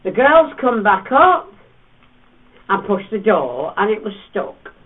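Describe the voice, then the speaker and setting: A man with a high voice and a slow pace guides a tour group through a cave, spinning teasing stories and acting out voices with playful animation. The recording sounds distant and thin, like a phone.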